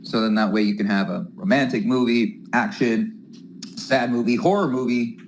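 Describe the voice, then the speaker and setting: A man's voice: mid-range voice, moderate pace, rough recording. A man in casual group chat on an audio call, explaining an idea in a laid-back way. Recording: faint background noise.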